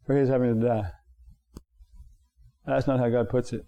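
A man preaching a sermon to his congregation, repeating phrases for emphasis and jumping up in pitch on his key points. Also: level tone, normal speed, pauses often, warm tone, dull audio. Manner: talks straight to the congregation. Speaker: pastor.

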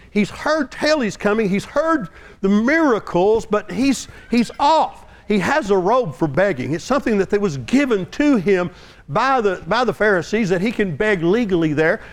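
Man, high voice, preacher, sermon, hushed then shouting, repeats and restarts words. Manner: swings from hushed storytelling to loud shouting.

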